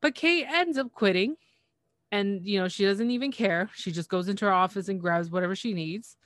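A woman casually recapping a TV show, retelling scenes with animated storytelling. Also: medium pitch, normal speed, no room sound.

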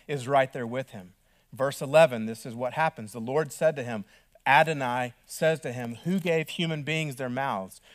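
Male pastor, mid-pitched voice, sermon delivery with dramatic shifts between loud and soft. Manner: reads scripture aloud, dramatic swings in loudness and pace.

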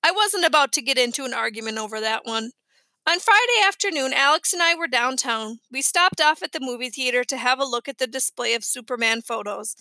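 A woman narrating a children's audiobook in a clear, even storytelling manner. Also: high voice, brisk, dry recording. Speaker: audiobook reader.

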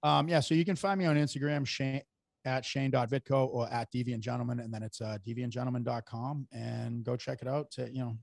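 A man talking as a podcast guest in a brash, profane, animated way. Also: mid-range voice, brisk, creaky, no room sound. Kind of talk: casual podcast chat.

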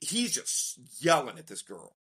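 A man, a dating coach on a podcast, telling a story in a casual, slangy way and acting out the quotes with lively energy. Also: mid-range voice, unhurried, slightly rough. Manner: animated, slangy storyteller who acts out quotes.

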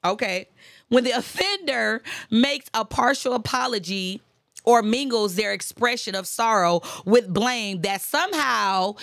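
A woman's voice: fairly high pitch, animated, measured pace, creaky, fairly bright tone, no echo, studio quality. A woman hosting a casual faith-based talk on forgiveness, chatty and emphatic, repeating phrases for emphasis and breaking into preachy asides. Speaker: host.

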